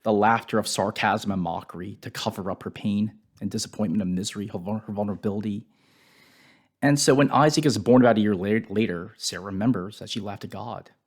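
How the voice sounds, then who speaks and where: A man giving a reflective devotional Bible teaching, dropping his voice softly on painful words. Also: fairly low pitch, a little fast, breathy edge.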